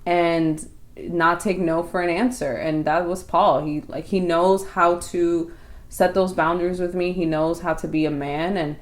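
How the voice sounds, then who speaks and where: Lively woman telling a love story. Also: fairly low pitch, measured pace. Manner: animated, acts out quotes. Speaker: podcast co-host. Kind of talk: casual storytelling chat.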